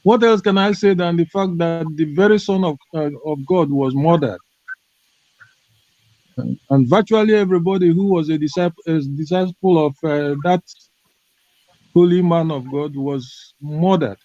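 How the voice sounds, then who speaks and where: Man on a video call, emphatic, deliberate delivery, high voice, mellow tone, dull lo-fi sound. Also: no room sound. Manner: emphatic, deliberate, with frequent "uh" fillers. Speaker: participant in an online discussion. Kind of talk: impassioned call-in commentary.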